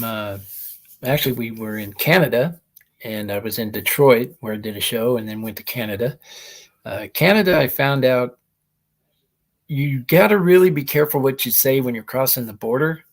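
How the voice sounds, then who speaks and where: A man with a mid-range voice speaks at a normal speed, hosting a comedy show. He tells rambling stand-up stories into a laptop mic, laughing his way through the monologue.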